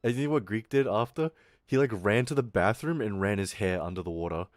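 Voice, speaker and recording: A young man streaming, telling a school story in a casual, animated, swearing way. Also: fairly low pitch, brisk, no room sound, studio quality.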